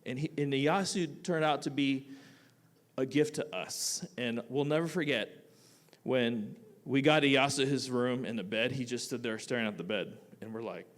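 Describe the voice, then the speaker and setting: A man, a teacher, telling a personal story live on a theatre stage, animated and casual, swinging between loud bursts and quiet asides. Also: medium pitch, normal speed. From United States. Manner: casual, with frequent "like" fillers.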